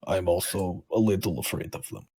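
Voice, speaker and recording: Guy voicing a nervous little gnome dude, low husky voice, scared and defensive. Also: fairly even intonation, fairly quick, warm tone, no echo. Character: timid male gnome, scared of spiders.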